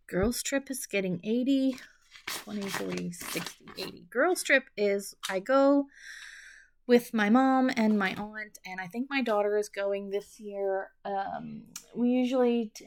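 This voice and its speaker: Gravelly-voiced middle-aged woman counting cash. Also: medium pitch, animated, moderate pace, a little hiss or hum. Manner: counts bills half under her breath, chatty asides. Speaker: budgeting channel host. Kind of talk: casual chat while counting cash.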